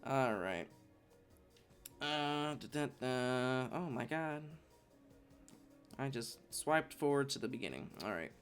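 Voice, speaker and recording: A man's voice: mid-range voice, lively intonation, slow pace, long pauses, fairly bright tone, faint music behind. A man co-hosting a podcast in a laid-back, casual way. He laughs often while recapping a comic. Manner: laid-back, laughs often, narrates and reads lines aloud. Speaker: podcast co-host.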